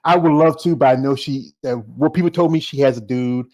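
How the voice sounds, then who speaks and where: A man hosting a podcast in casual chat, joking and halting, often repeating words. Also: mid-range voice, dark tone, rough recording. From Southern United States. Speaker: podcast host.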